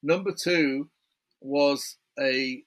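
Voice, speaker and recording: A man's voice: medium pitch, very slow, a bit bright. A British man, an author guest in a remote interview, chatty and building his story point by point. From Britain.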